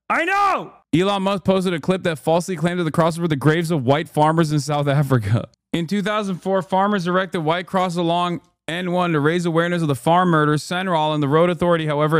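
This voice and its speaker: A man commentating on news clips during a live stream, swearing freely and reading passages aloud in a casual, animated way. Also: a little high, no room sound, studio quality. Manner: profane, animated, reading aloud from a wiki page.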